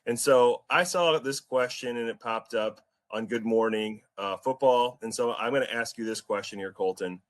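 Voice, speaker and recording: Man, podcast host, mid-pitched, relaxed jokey banter, casual chat. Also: moderate pace, hardly any pauses.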